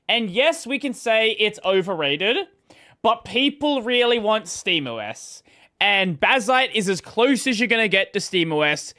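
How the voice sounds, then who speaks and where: A man, a streamer chatting casually while commenting over a video. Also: high voice. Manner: chatty, relaxed, thinks aloud.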